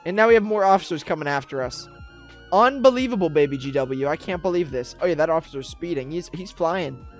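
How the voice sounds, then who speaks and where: A man's voice: on the high side, lively intonation, fairly quick, soft background music. A man giving roleplay gameplay commentary, dramatic and exasperated, with whiny pleading and complaints. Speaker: gaming YouTuber.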